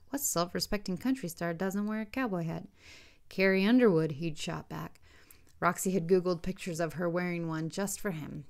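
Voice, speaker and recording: Gravelly-voiced woman reading her novel. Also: fairly low pitch. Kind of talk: audiobook narration.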